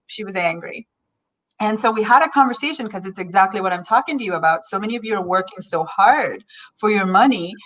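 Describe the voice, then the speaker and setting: A woman hosting a motivational online session, talking in a bubbly, animated way and often laughing. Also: medium pitch, poor audio. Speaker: host.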